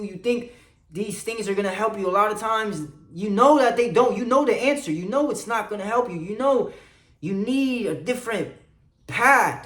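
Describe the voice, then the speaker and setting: An earnest man delivers a motivational sermon-like monologue, his voice sitting slightly high for a man. He moves between hushed confiding and loud, pressing encouragement. The recording has a noticeable roomy echo. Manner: earnest, preachy, swings between soft confiding and loud urging. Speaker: motivational vlogger.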